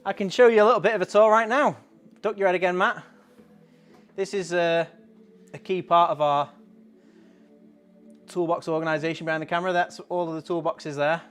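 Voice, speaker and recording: A man's voice: sits high, fairly even intonation, a little fast, long pauses, a bit bright, clear, resonant tone, soft background music. A man hosting a casual live stream, chatting in a rambling way and reading out viewer comments.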